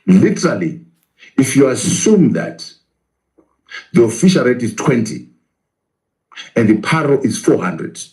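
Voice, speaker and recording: A man's voice: medium pitch, dark tone, rough recording. A man, a professor, arguing in a political interview, asking rhetorical questions and answering them himself.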